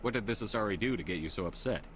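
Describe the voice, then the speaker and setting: Composed male soldier-commander, low voice, brisk, faint music behind. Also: slight background noise. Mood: calm. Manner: calm, direct questions.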